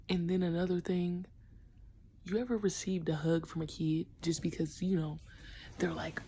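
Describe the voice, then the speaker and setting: A woman's voice: fairly low pitch, moderate pace, breathy edge. A young woman who coaches basketball, talking casually and with slang in a vlog, often half-whispering. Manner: animated, slangy, acts out kids' voices.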